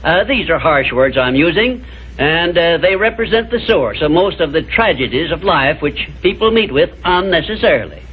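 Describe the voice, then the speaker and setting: Guy lecturing slow and emphatic, kinda high voice, old tinny archive tape sound. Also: very animated, a little hiss or hum. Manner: measured, emphatic, didactic. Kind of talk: motivational lecture.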